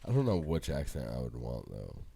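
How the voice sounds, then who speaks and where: A young American man with a deep bass voice that's gravelly and husky co-hosts a podcast, speaking at a moderate pace. In casual chat, he tells stories animatedly and acts out the quotes.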